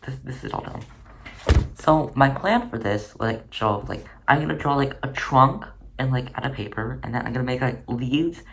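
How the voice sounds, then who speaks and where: Against a noisy background, a creaky, medium-pitched voice at a moderate pace narrates a casual crafting vlog about the speaker's own paper project. The talk rambles, chatty and self-mocking.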